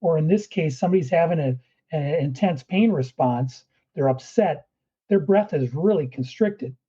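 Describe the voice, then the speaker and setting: Husky, mellow-voiced man coaching breathwork. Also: fairly high pitch, lively intonation, normal speed, lo-fi sound. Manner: earnest, guides listener through breathing steps. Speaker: performance coach guest. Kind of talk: conversational podcast interview.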